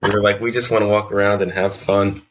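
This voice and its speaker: A man in his forties hosting a podcast, chatting casually and tossing in jokes and quick asides. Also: fairly low pitch, little pitch movement, a bit bright, a little hiss or hum. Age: 40s. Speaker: podcast host. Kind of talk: casual chat.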